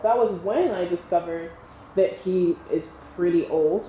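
A chatty woman in her twenties tells a story straight to her camera, tossing in laughing asides to her viewers. Her voice is mellow and soft-edged, and it rings around a roomy, echoey space with a faint hiss underneath. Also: medium pitch. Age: 20s. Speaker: storytime vlogger.

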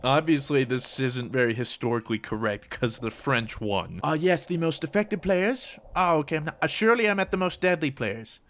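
A man commenting on his own gameplay, switching between mock-serious war narration and excited, jokey outbursts. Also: a little high, moderate pace, few pauses. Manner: jokey, teasing. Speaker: gaming YouTuber.

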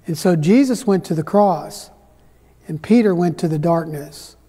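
A male pastor preaching a sermon, telling the story dramatically and swinging between loud peaks and hushed low passages. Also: measured pace, husky. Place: church sanctuary. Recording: church hall reverb.

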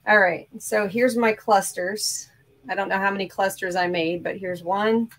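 A woman's voice: mid-range voice, fairly even intonation, normal speed, fairly bright tone, poor audio. A woman hosting a crafting show, chatting casually and upbeat while showing her projects.

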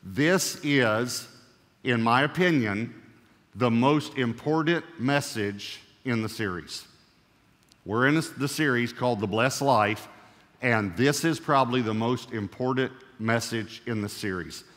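A man's voice: medium pitch, unhurried, fairly bright tone. A male pastor delivering a sermon in a mid-range voice. He is emphatic, stretching out key words and repeating them for weight. His voice rings with the long reverb of a church hall. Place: church sanctuary.

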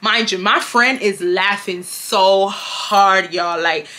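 A woman's voice: mid-range voice, takes it slowly, slight background noise. A young woman, animatedly retelling a work story with lots of swearing. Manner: animated, profane, exasperated retelling. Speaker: vlogger telling a storytime. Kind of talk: casual storytime chat.

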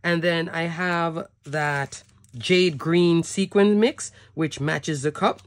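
A woman's voice: lowish voice, slow. Chatty woman demonstrating cardmaking. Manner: chatty, enthusiastic, often ends with "okay?". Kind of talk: craft product tutorial.

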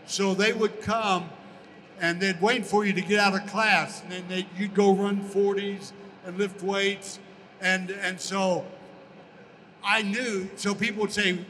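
Older man spinning an animated story. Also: high-pitched, a little slow, long reverb tail, a little hiss or hum. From United States. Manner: animated storyteller, acts out quoted voices. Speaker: interview guest, former pro football player. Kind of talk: storytelling in a casual interview.

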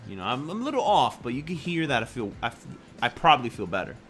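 A young man vlogging, telling a personal story in a casual, animated way, full of slang and crude jokes. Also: mid-range voice, fast talker, faint music behind.

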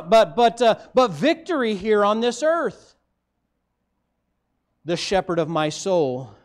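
Preaching as pastor, a Midwestern American man pushes his voice up for emphasis and lets it sink low at the close of his phrases.

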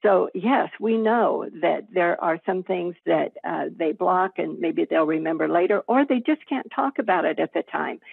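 A retired detective, a woman in her seventies, recounting old cases in a steady, matter-of-fact way. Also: lowish voice, gravelly, husky, no room sound. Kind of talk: recounting case memories in an interview. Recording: tinny phone line.

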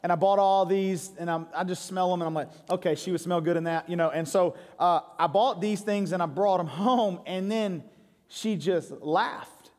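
High-voiced joking pastor in a reverberant church. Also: male voice, normal speed, darkish tone. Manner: joking, crowd-engaging storytelling. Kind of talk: sermon. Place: church sanctuary. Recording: long hall reverb.

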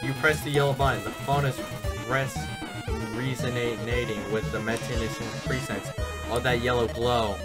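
A man reading as an eager, flustered female scientist rushing to help, with quick reassurances. Game music sounds clearly behind. Mid-pitched voice. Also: fairly even intonation, natural voice. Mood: urgent. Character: nervous female scientist helper. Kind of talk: reading game dialogue aloud.

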